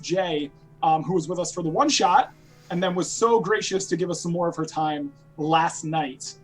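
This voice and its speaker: High-pitched man, chatty player, announcing episodes, faint music underneath. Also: poor audio. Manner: chatty, promotional. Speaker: player and podcast co-host. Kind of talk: casual live-stream chat.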